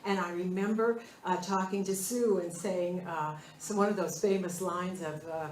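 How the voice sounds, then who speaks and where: An older woman minister telling personal stories in a chatty, animated way during a spiritual talk. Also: on the low side, moderate pace. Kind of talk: casual storytelling in a spiritual talk. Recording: roomy hall with a distant mic and faint noise.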